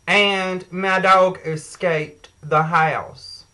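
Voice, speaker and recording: A woman's voice: lowish voice, fairly even intonation, very slow, pushed and bright, poor audio. A woman telling an angry, profane story to her viewers in a sassy, heated way. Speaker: vlogger. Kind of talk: angry rant to camera.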